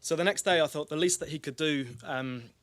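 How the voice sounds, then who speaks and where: A man's voice: a little high, a little fast, fairly bright tone, dry recording. A man giving a public talk, telling a story in a candid, self-deprecating way. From North London. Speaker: speaker at an ideas festival.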